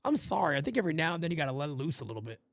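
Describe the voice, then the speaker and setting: A man from New York hosting a live fan play-by-play stream, blunt and profane, swinging from loud calls to low asides. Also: very animated, racing, creaky, no echo, clean studio sound. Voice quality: profane, blunt street talk.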